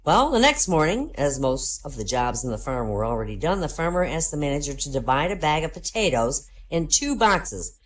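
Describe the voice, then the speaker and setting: A woman's voice: deep voice, big pitch swings, normal speed, hardly any pauses. A woman telling a string of jokes in a voice-chat comedy show, steadily building each one to its punchline.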